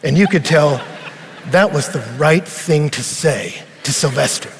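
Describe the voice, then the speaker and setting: A man preaching at a conference, telling a story in an animated way and sometimes rising to a shout. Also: on the high side, measured pace, gravelly. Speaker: pastor. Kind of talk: conference sermon. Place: large arena. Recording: long arena reverb.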